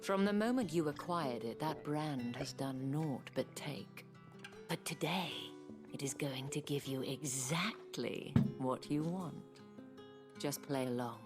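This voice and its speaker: A sultry brothel madam from a video game, purring in a breathy near-whisper. Her voice sits extremely low and unhurried, each word drawn out with silky, teasing slowness. She sounds coy and in control. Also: over music. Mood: coy, scheming. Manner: slow, teasing, silky delivery.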